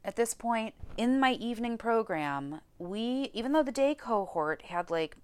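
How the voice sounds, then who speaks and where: A woman's voice: fairly high pitch, lively intonation, measured pace, darkish tone, smooth, no room sound. A young woman hosting a podcast, candidly telling a personal story, swearing freely and getting close to tears. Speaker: podcast host.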